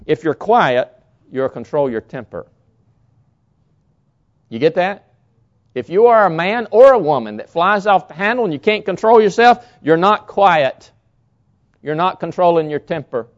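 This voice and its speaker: A man's voice: a little high, very animated, unhurried, long pauses. Emphatic preaching man, lo-fi recording. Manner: emphatic preaching, repeats key words, swings between loud and hushed. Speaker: pastor. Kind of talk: sermon.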